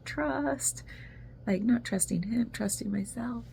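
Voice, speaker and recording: A woman's voice: on the high side, slow pace, gravelly, mellow, slight background noise. A woman talking casually in a video journal, rambling and emotional as she confides personal news. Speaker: vlogger.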